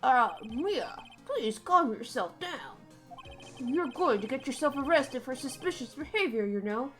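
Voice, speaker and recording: A woman's voice: high voice, lively intonation, unhurried, a bit bright, faint music behind. A woman voicing a pompous, fussy older male defense lawyer who talks down to his junior in an old-fashioned way.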